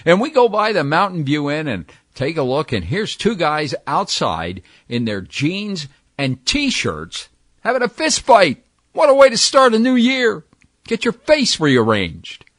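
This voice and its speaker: An older man from New Jersey, recalling old jobs in a lively storytelling way and acting out the people in them. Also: fairly high pitch, measured pace, dry recording, clean studio sound. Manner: lively, acts out the people in his stories.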